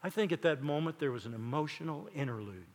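An older man preaching a sermon, emphatic, building lists of words with dramatic pauses. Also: a little high, animated, long reverb tail. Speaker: pastor.

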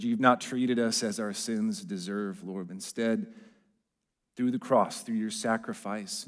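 Man with a lowish voice leading an earnest prayer, church-hall echo. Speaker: praying congregant leader. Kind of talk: spoken prayer. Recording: echoey church hall with long reverb.

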